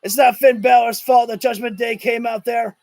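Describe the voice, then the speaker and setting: A man doing live watch-along commentary of a wrestling show, excitable, shouting and cursing at the action, sometimes tripping over his words. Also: extremely high pitch, moderate pace, vocal fry, no echo, soft background music. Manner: rambling, stumbles over words.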